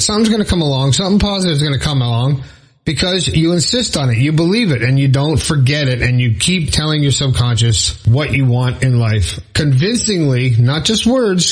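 A man with a husky, slightly raised voice delivers a casual motivational monologue to his viewers. He is earnest and encouraging, hammering points home by repeating them, with the odd self-amused aside. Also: fairly high pitch, poor audio. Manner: earnest, encouraging, repeats for emphasis, jokes with himself. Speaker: motivational vlogger.

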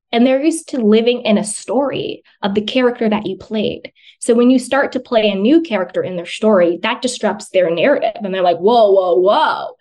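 A woman's voice: on the high side, darkish tone. A woman guest on a podcast, talking earnestly about self-love and often repeating phrases for emphasis. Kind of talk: conversational self-help advice.

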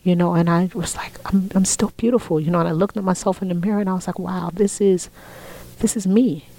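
A woman in her forties telling a personal story in an interview, heartfelt, often dropping to a soft whisper when quoting family. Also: fairly low pitch, steady tone, fairly quick, vocal fry, rough recording. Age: 40s. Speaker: interview guest.

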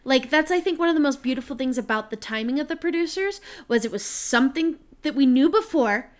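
A woman co-hosting a podcast, speaking in a thoughtful, measured way. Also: high voice, expressive. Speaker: podcast co-host. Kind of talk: casual podcast chat.

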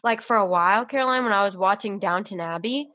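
A woman's voice: medium pitch, fast, pushed and bright. A woman with a Southern American accent hosting a casual faith chat, bubbly and enthusiastic, with lots of 'like'. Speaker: podcast host.

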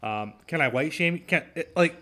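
A man's voice: a little high, lively intonation, normal speed, a bit bright. A man hosting his own talk show, ranting sarcastically and mocking his opponents. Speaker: podcast host. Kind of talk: solo talk show commentary.

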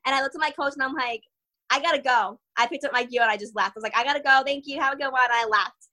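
Bright-voiced young woman telling a story. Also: high voice, fast talker, low-quality recording. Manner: animated, laughs often, acts out quotes. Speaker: guest fighter. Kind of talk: casual interview storytelling.

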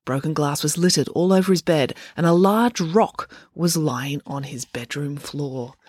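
A woman reading a children's chapter book aloud as a storyteller, with an expressive, animated delivery. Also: sits low, measured pace, dry recording, clean studio sound.

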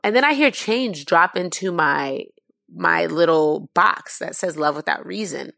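A woman guest telling an emotional personal story, impassioned and near tears, with many fillers and halting restarts. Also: lowish voice, expressive, creaky, sharp tone, no echo.

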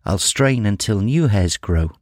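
A proud young male lion who frets woefully over his troubles, as a man reading a storybook puts him on. The voice sits low and is heard close and dry, with no room around it. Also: expressive, a little slow, a little mellow, no echo. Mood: eager.

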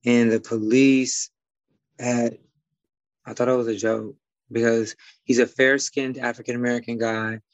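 A man's voice: medium pitch, little pitch movement, measured pace, long pauses, no echo, dull audio. A man from Detroit with a slight Midwest twang, a guest talking casually and rambling with many fillers and restarts. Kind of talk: casual conversation.

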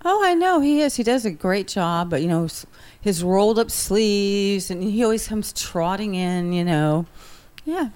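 A woman's voice: medium pitch, lively intonation, measured pace, a little mellow, clean tone. A woman co-hosting a political talk radio show, chiming in with short agreeing remarks. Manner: chimes in with short agreeing interjections. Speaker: radio co-host.

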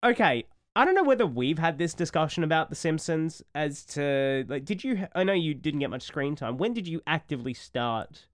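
An Australian man in his thirties, co-hosting a casual podcast chat and telling rambling, animated stories. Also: a little high, normal speed, few pauses, dry recording, clean studio sound. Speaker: podcast co-host.

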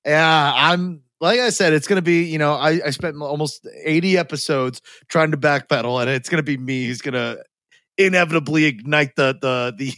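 A man's voice: a little high, moderate pace, fairly bright tone, no echo. A man co-hosting a podcast in casual chat, rambling and profane, often poking fun at himself. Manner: rambling, profane, self-deprecating. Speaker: podcast co-host.

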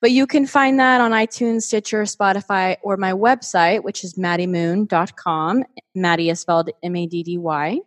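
A woman appears as a guest on a podcast and also hosts her own show, chatting casually, enthusiastically, and with plenty of filler words. Her mid-range voice stays steady at a normal speed with few pauses. The recording is dry and studio quality.

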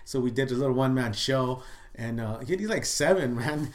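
A middle-aged man, a guest in a casual interview, tells stories in a loose, chatty way, full of "dude" and "you know what I mean". He acts out the lines he quotes, swinging between loud and soft. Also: mid-range voice, expressive, fairly quick. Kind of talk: casual storytelling chat.

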